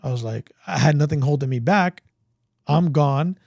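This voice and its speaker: Gravelly New man telling stories. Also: a little high, moderate pace, no room sound. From Brooklyn, New York. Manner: animated, acts out dialogue, many likes. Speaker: guest, veteran. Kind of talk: casual storytelling.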